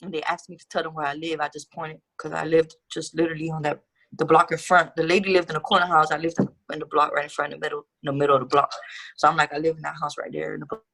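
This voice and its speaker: A woman's voice: low voice, level tone, quick pace, gravelly, a bit bright. A young woman guest telling her life story in a casual interview, candid and profane with street slang.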